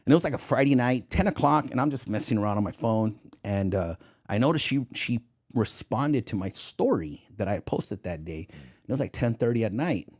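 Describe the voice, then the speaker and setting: A man in a casual interview who tells his stories with a lively, swinging pitch. He acts out the other people in his anecdotes and often laughs at his own jokes. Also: brisk. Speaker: guest, former federal agent.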